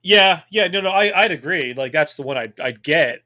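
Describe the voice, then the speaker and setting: A man in his thirties co-hosting a podcast in casual, profane chat, boisterous and quick to laugh. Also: fairly high pitch, expressive, bright, forceful tone. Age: 30s. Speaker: podcast co-host, military veteran.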